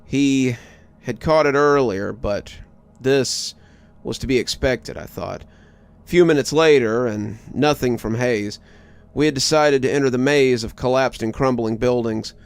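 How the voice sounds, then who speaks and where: A man reading a horror story aloud in a low, hushed scripted narration. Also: a little slow, clean tone.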